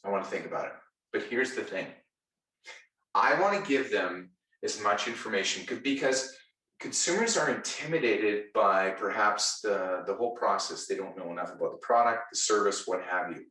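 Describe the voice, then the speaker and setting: Energetic male sales trainer in echoey room. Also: lowish voice, normal speed, distant mic. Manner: enthusiastic, playful, direct. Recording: echoey room, voice set back.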